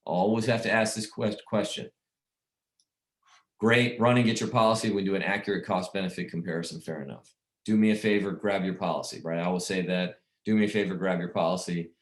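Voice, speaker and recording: Man, low voice, insurance sales coach, rambling, repeats words, echoey room. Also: steady tone, fairly quick. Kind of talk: casual sales training talk.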